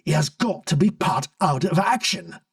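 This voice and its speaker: A man voicing a formal, worried male prime minister speaking gravely, recorded dry from a distance. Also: on the high side, expressive, moderate pace, no room sound.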